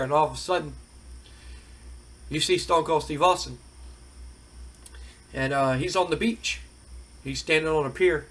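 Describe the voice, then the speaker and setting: A man's voice: a little high, unhurried, long pauses, fairly bright tone. A man hosting and narrating a simulation game in a rambling, colloquial way. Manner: rambling, colloquial storytelling with fillers. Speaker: game host.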